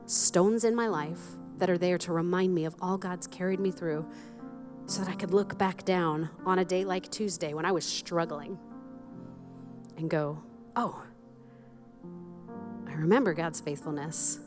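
A woman's voice: on the low side, normal speed, music in the background. A woman pastor preaching a sermon, candid and self-deprecating, often laughing at herself.

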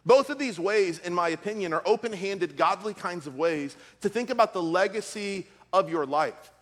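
Pastor, male, middle-aged, high voice; preaches with funny stories, in a big reverberant hall. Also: animated, normal speed. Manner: storytelling with comic asides. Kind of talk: sermon.

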